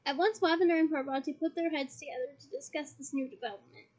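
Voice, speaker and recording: A woman's voice: high-pitched, fast talker, darkish tone. A woman reading a novel aloud, breaking off for playful, giggly asides to her listeners. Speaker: audiobook reader. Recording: dull lo-fi recording.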